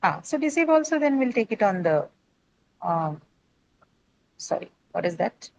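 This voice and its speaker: A woman's voice: medium pitch, big pitch swings, normal speed, gravelly, no echo, highs cut off. A woman teaching English pronunciation in an online class, explaining patiently step by step and checking in with tag questions.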